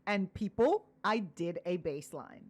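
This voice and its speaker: A woman's voice: on the low side, expressive, unhurried. A woman co-hosting a podcast, arguing her points firmly in a teasing, casual chat. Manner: assertive, teasing, argues point by point. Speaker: podcast co-host.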